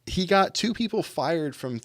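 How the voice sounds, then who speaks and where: A man's voice: a little high, lively intonation, measured pace, a bit bright, no room sound. A man in casual podcast chat, telling a rambling story and acting out the voices of people he quotes. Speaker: podcast guest.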